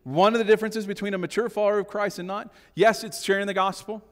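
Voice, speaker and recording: A middle-aged male pastor with a notably high voice delivers a sermon. He drops to quiet, intimate asides and then lifts into forceful declarations, often turning to the congregation for agreement. His voice rings with a long reverb through the church sanctuary. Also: fairly even intonation, fast talker. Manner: swings between hushed asides and emphatic raised lines, keeps asking "right?".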